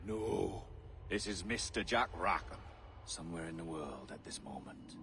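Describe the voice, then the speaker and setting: A man voicing a calm guide who explains a secret device to a sailor, in a measured way. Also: low-pitched, noisy background.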